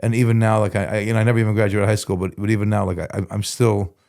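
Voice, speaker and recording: Male guest, 40s, lowish voice, rambling, slangy, candid storyteller. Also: level tone, very fast, gravelly, darkish tone. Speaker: guest in recovery. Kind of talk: casual conversational storytelling.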